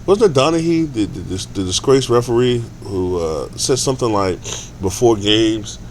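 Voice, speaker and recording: A man's voice: sits low, darkish tone, a little hiss or hum. A man ranting casually in a vlog, profane and rambling, with stammered restarts. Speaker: sports vlogger.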